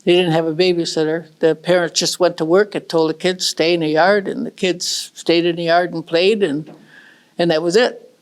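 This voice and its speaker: Woman storyteller, gentle and unhurried, traditional oral telling, plain repetitive phrasing. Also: on the low side, flat delivery.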